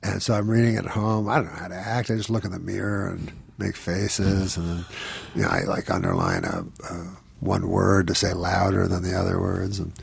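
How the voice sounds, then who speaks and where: Gravelly-voiced man telling a rambling story. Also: low voice, dry recording. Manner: dry, rambling anecdotes with quick laughs. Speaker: comedian guest. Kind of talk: casual podcast storytelling.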